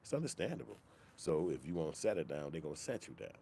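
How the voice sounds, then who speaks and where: Male host with a deep voice, casual and profane, animated opinion talk with a faint hiss. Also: quick pace, gravelly. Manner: profane, animated, slips into mock quoted voices. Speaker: commentary channel host.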